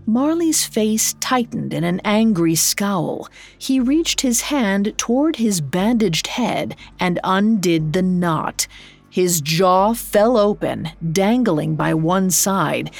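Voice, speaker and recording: A woman narrating a scripted story in a measured storytelling manner. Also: mid-range voice, expressive, gravelly. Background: faint music.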